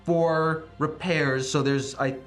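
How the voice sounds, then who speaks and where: A man playing a tabletop roleplaying game, speaking with a deadpan manner. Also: a little high, takes it slowly, soft background music. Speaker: player.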